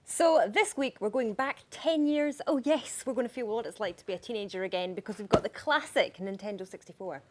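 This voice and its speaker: A woman's voice: fairly high pitch, over loud music. A woman co-hosting a TV gaming show, teasing her co-presenter in lighthearted studio banter. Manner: teasing and quick-witted.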